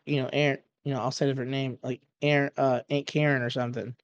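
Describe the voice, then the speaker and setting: A man's voice: mid-range voice, little pitch movement, fast, no echo, muffled recording. A man in casual podcast chat who rambles, trips over words and laughs at his own jokes. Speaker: podcast co-host.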